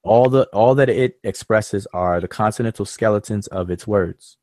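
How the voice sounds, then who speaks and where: Low-voiced man explaining on a live stream. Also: moderate pace, darkish tone, a little hiss or hum. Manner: patient, explanatory, loose with fillers. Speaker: host. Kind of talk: live-stream discussion lecture.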